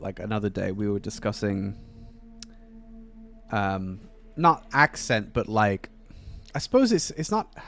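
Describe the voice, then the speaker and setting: Rambling man streaming a game. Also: medium pitch. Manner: rambling, many fillers and restarts. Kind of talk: casual chat while gaming.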